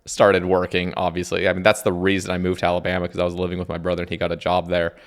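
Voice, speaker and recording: A man's voice: deep voice, monotone, rapid-fire. A young man from Oregon hosting a podcast, chatting casually, swearing and laughing easily. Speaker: podcast host. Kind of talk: casual chat.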